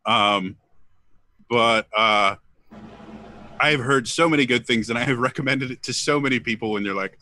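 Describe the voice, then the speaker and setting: A man hosting a live tabletop role-play stream as game master, chatting casually with hesitant pauses and frequent laughter. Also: mid-range voice, bright, forceful tone, slight background noise.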